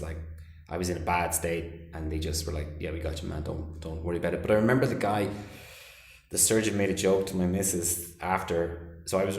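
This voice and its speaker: A man with an Irish accent, a podcast guest in casual chat, telling stories with many stammered restarts and acting out what people said. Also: low voice. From Ireland. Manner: animated storyteller, stammering restarts, acts out voices. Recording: echoey room.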